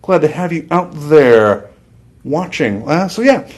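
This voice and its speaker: A man's voice: fairly high pitch, expressive, takes it slowly, darkish tone. Chatty man selling jewelry, roomy sound. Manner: rambling and chatty, with self-interruptions and laughs. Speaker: shopping channel jewelry host. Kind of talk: live sales stream. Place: studio set with a TV screen behind.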